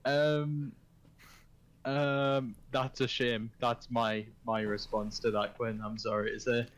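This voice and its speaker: A man's voice: medium pitch, level tone, takes it slowly. A man in casual chat, hesitant and giggly, with many fillers.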